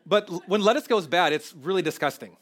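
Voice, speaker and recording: A man's voice: high-pitched, fairly quick, fairly bright tone. Earnest conversational male preacher. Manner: earnest, conversational, often emotional; repeats and restarts phrases. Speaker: pastor. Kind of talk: sermon.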